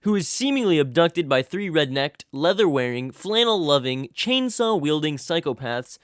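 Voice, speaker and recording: A man's voice: on the high side, big pitch swings, normal speed, no room sound, studio quality. A young man giving a comedic, scripted video game review voice-over, full of sarcastic hype and crude jokes.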